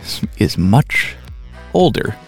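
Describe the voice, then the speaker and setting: A man's voice: on the low side, sing-song, takes it slowly, soft background music. A man co-hosting a comedy podcast, swearing freely and laughing mid-sentence in casual chat. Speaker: podcast co-host.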